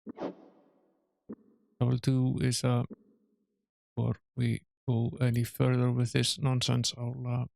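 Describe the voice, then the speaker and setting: Gravelly-voiced man streaming a game. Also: medium pitch, monotone, slow, long pauses, darkish tone, no echo. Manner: offhand, thinking aloud with fillers. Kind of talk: casual let's-play commentary.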